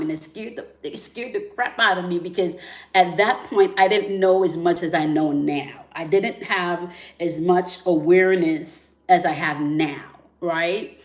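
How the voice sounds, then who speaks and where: Woman, lowish voice, casual spiritual chat, echoey room. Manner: conversational, many fillers and "right?" tags. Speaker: spiritual relationship channel host. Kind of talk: casual spiritual talk to viewers.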